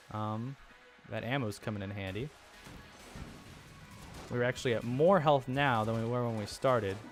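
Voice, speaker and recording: A young man casually commenting on his own gameplay, rambling and self-deprecating, with chuckling asides. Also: fairly low pitch. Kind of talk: casual let's-play commentary.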